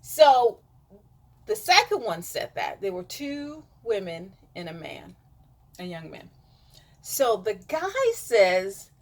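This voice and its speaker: A woman's voice: mid-range voice, very animated, unhurried. A middle-aged woman telling a rambling personal story to her camera, full of fillers, dropping to a whisper when she quotes other people. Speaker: vlogger. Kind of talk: casual storytelling monologue.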